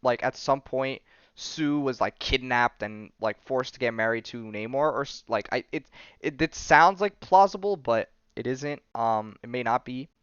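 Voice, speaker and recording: A man's voice: medium pitch, moderate pace, fairly bright tone, clear, resonant tone, no echo, muffled recording. A man hosting a podcast, recapping comics in casual chat full of fillers and restarts. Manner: rambling, many fillers and restarts. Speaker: podcast host.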